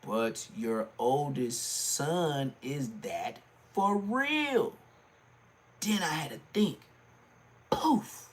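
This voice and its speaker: Man ranting on a livestream. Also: slow. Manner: animated, swings into high mocking voice. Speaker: livestream host.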